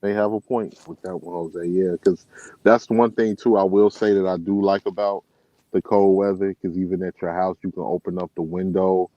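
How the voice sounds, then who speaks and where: A man's voice: sits low, moderate pace, dry recording. A man from Chicago with a Chicago accent, chatting casually as a regular caller and telling road stories with plenty of fillers. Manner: relaxed storyteller, many fillers. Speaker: truck driver and regular caller. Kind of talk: casual chat. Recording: muffled, dry phone-like sound.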